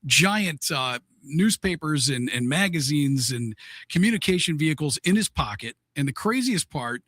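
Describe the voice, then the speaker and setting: A man explaining history in a relaxed podcast chat. His voice sits a little high and he restarts now and then. The recording is close and dry. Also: moderate pace, no echo. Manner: steady explainer, hesitant restarts. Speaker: podcast co-host.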